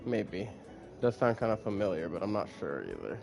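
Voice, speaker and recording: A man's voice: low voice, wildly swooping pitch, moderate pace, creaky, a little mellow, faint music behind. A man hosting a podcast in casual chat, laid-back, swearing freely and laughing often. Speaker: podcast host.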